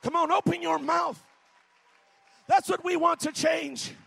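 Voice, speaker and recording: A man preaching a fiery sermon in a church, shouting and exhorting with insistent repetition. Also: extremely high pitch, fairly even intonation, unhurried, vocal fry, background noise.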